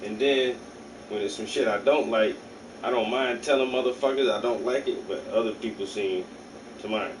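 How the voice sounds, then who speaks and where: A man's voice: fairly low pitch, normal speed. A man hosting a stream, giving rambling mock painting instructions in a casual, profane way. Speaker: stream host. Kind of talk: joking casual chat. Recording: distant mic with hum behind.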